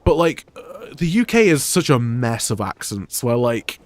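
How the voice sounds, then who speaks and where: With big pitch swings in a medium-pitched voice, this young British man takes his time as he streams and chats casually about the game. His English accent has Scottish touches, and he rambles with plenty of fillers and restarts.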